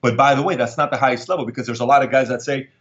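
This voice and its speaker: A man's voice: mid-range voice, steady tone, racing, fairly bright tone, lo-fi sound. A middle-aged man, an entrepreneur guest, telling his life story in an emphatic, repetitive way that turns emotional. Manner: emphatic, repeats lines for effect, emotional storyteller. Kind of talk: candid storytelling interview.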